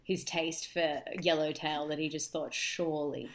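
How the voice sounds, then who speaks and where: A young woman chatting casually as a podcast co-host, telling animated stories with wry asides. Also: low-pitched, moderate pace. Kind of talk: casual chat.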